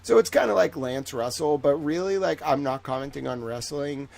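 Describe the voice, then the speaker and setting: A man's voice: fairly high pitch, lively intonation, moderate pace, vocal fry. Rambling, jokey man hosting a livestream. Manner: rambling, jokey, swings between loud and soft. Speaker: livestream host. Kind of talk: casual livestream chat.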